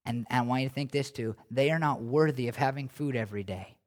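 A man's voice: medium pitch, fast talker, a little mellow. A man preaching a sermon in a casual, conversational way, then leading a prayer, with emphatic rises. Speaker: pastor.

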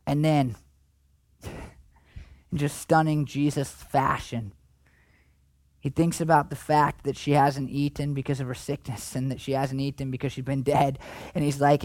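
A man's voice: a little high, normal speed, dry recording. Conversational male pastor preaching. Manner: conversational preaching, swings from animated to hushed. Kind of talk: sermon.

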